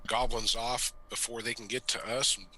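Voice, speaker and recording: A man's voice: medium pitch, little pitch movement, moderate pace, sharp tone, poor audio. A man playing his character in a tabletop game, talking earnestly about the plan and laughing easily. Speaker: player.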